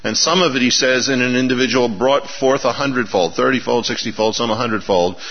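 A man's voice: mid-range voice, brisk. A man preaching a sermon in a folksy way, asking his listeners rhetorical questions. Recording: reverberant hall, dull lo-fi sound.

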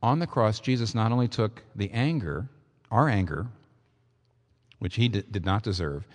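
A male preacher delivering a sermon with a lively, swooping voice that jumps high when he stresses a point. He sounds like he's speaking in a large hall, and his words trail off into a long echo. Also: normal speed. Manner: animated preaching, pitch rising sharply for emphasis. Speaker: pastor.

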